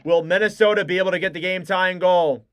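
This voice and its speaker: Excitable young man calling hockey live. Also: high-pitched, brisk, clear, resonant tone. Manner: excitable, shouts and cries out on big plays. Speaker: fan play-by-play streamer. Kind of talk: live play-by-play commentary.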